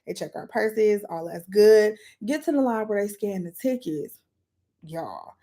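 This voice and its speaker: A woman chatting casually in a storytime vlog, retelling events in a lively way while doing her makeup. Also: a little slow. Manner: lively, animated retelling with sudden jumps in pitch and volume. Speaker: vlogger telling a story.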